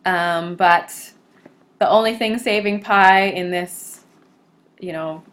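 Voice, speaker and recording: A woman giving a recorded literature lecture, explaining things step by step and pausing often on filler sounds. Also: fairly low pitch, fairly bright tone. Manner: hesitant, many filler sounds.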